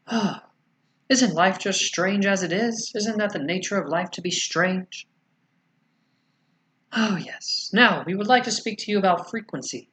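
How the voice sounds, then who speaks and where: A man channeling a spiritual message as a collective "we", speaking slowly and soothingly with gentle rhetorical questions. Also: high-pitched, a little hiss or hum. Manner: slow, soothing, rhetorical questions ending in "yes?".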